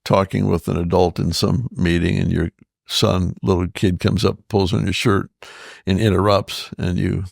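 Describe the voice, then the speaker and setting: An older man, a pastor and interview guest, talking in a gentle, thoughtful way with frequent restarts. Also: deep voice, little pitch movement, normal speed, gravelly, no room sound, studio quality. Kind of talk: relaxed conversational interview.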